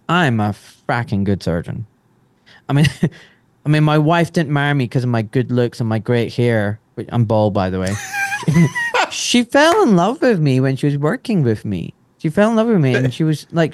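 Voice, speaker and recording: A Scottish man in his forties from Glasgow, chatting casually as a podcast guest, animated and quick to laugh. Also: mid-range voice, clear, resonant tone, dry recording. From Scotland. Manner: animated, laughs often, swears mildly. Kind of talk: casual chat.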